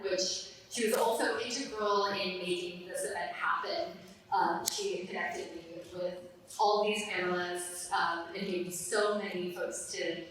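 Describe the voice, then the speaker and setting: A woman's voice: fairly low pitch, a bit bright, slight background noise. Event host, woman, filler-heavy thanks, roomy distant hall sound. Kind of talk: live event remarks. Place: large hall. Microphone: distant room mic. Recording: echoey hall from far off.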